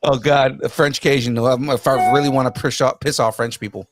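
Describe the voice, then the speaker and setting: A man's voice: medium pitch, fairly even intonation, brisk. A man co-hosting a pop culture podcast in casual, joking chat, often laughing at his own bits. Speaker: podcast co-host.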